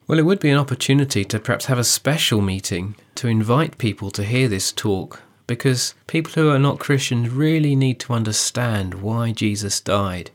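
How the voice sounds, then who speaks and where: A man talking through a sermon outline in an earnest, measured manner. He leans on key phrases and slows down to stress them. His voice sits at an ordinary middle pitch. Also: expressive. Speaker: preacher giving a preaching guide. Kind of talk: teaching dialogue on sermon preparation.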